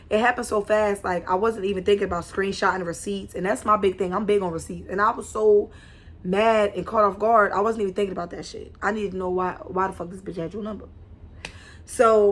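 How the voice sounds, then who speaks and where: A young woman telling a casual storytime to camera, animated and slangy, with frequent restarts. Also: mid-range voice. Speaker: vlogger.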